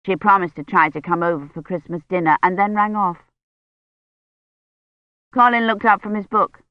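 A narrator reading a novel aloud in a measured, even storytelling voice. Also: medium pitch, no echo. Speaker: audiobook narrator. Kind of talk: scripted audiobook narration. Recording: dry, dull lo-fi recording.

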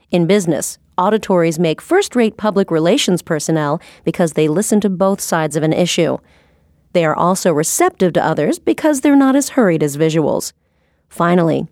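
A woman reading a scripted sales training narration in a measured, instructive way. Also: fairly low pitch, darkish tone, no room sound, studio quality.

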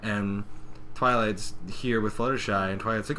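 A young man co-hosting a podcast, retelling cartoon scenes with swearing, laughs and squeaky character voices. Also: steady tone, normal speed, pushed and bright, a little hiss or hum. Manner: swears a lot, laughs often. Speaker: podcast co-host. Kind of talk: casual recap chat.

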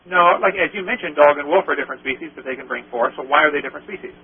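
A man hosts a call-in radio show, fairly high-pitched for a man and joking his way through anecdotes. The sound is thin and phone-like, with a faint hiss underneath. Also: rapid-fire. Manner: jokey, tells anecdotes with put-on quoted voices.

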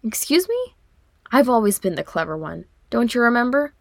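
A woman voicing a small, cheeky young male dwarf who teases his older brother in a high, pleading tone, for an audiobook reading. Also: animated, fairly quick, vocal fry, no echo, clean studio sound. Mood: teasing, whining. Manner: bright, teasing, high and pleading.

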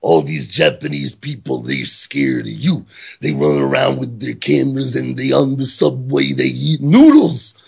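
A man putting on the voice of an intense, gravelly pro wrestler, delivering a dramatic promo with drawn-out lines. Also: medium pitch, sing-song, exaggerated voice. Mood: taunting.

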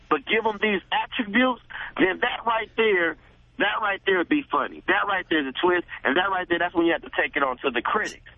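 A man's voice: high-pitched, dry recording. A male caller on a radio talk show, speaking emphatically in slangy speech and repeating phrases. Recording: tinny phone line.

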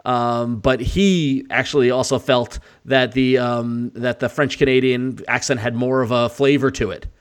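A man's voice: mid-range voice, fairly even intonation, unhurried, few pauses, clear, resonant tone. A man hosting a podcast, chatting casually about a TV series, rambling with many fillers and restarts and laughing often. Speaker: podcast host. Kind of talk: casual chat recapping a TV series.

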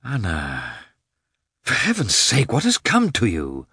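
A man's voice: fairly low pitch, huge pitch swings, takes it slowly, pushed and bright, husky, no echo, clean studio sound, full character voice. A man voicing an anxious young nobleman who earnestly entreats his lover. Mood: pleading.

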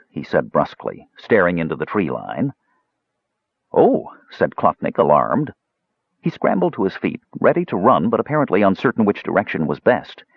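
A man reads a fantasy audiobook with wildly swinging, animated pitch. His voice is low and husky. The recording is dry, dull and lo-fi. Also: no room sound. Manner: highly animated, expressive reading. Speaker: audiobook narrator.

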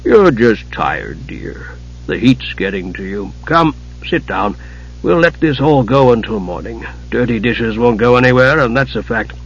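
A man reading an audiobook, voicing a gentle innkeeper husband who speaks quietly and soothingly in a husky voice. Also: medium pitch, very animated, normal speed, dull audio.

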